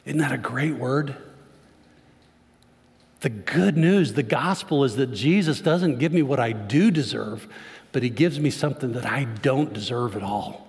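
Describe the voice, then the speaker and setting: A man's voice: medium pitch, expressive, measured pace, a little mellow, breathy edge. A man preaching a sermon to his congregation, speaking conversationally and tossing questions to the crowd. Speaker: pastor. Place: church sanctuary. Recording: long church reverb.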